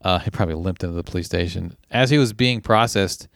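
A man's voice: low voice, fast talker, vocal fry, no room sound. A man hosting a casual podcast, reading news stories aloud and joking about them in a laid-back way. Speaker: podcast host.

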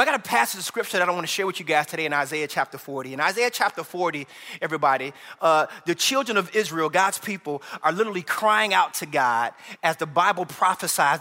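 A man preaching a sermon in a church, impassioned and conversational, sometimes rising to shouts. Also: high-pitched. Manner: impassioned, rising to shouts when voicing cries to God. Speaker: pastor. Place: large church hall. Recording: echoey hall reverb.

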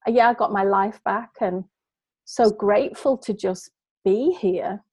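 A woman's voice: mid-range voice, measured pace, warm tone, husky, dry recording. Woman, middle-aged, heartfelt storytelling, dry close sound. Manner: earnest, heartfelt, emotional retelling. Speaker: guest, business coach. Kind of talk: personal storytelling in conversation.

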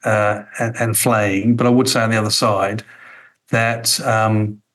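Middle-aged man, low register, thoughtful interview guest who hesitates often. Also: little pitch movement, measured pace, a bit bright, low-quality recording. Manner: reflective, frequent ums and restarts. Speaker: interview guest, former radio executive. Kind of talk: conversational interview.

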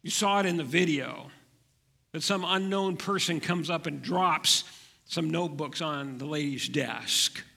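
Pastor, man, preaching gently; bright tone, unhurried. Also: fairly high pitch, vocal fry, long reverb tail. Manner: gentle, slow preaching with soft drops. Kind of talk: sermon.

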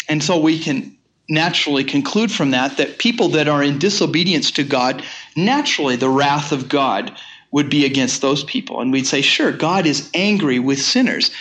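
A man's voice: a little high, expressive, moderate pace, fairly bright tone. A man in his sixties teaching a sermon series, earnest and personal, often restarting his sentences as he tells stories. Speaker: Bible teacher.

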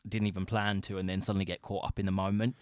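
A man's voice: low-pitched, level tone, fast talker, a little mellow, no echo. A young man from Britain co-hosting a casual chat, telling self-mocking stories in a playful way. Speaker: podcast co-host.

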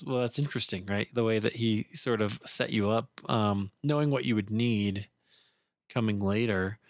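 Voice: mid-range voice, dry recording, studio quality. A podcast host asking interview questions and affirming with short replies.

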